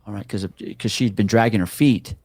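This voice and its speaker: A man's voice: lowish voice, brisk, no room sound. A middle-aged man, a police officer, telling a story in a casual interview with lots of swearing and acting out the voices of the people in it. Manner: profane, animated, acts out the voices of people in his story.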